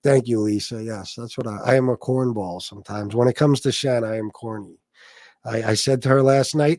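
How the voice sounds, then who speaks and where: A man's voice: mid-range voice, normal speed, darkish tone, no echo, studio quality. A man hosting a casual livestream, telling stories and talking in a blunt, profane way while answering his chat. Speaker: livestream host reading chat.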